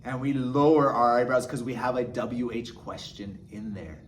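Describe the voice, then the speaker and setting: A man's voice: medium pitch, steady tone, normal speed, a little hiss or hum. A man teaching sign language step by step, patiently checking in with short "okay?" questions. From United States. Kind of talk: instructional explanation.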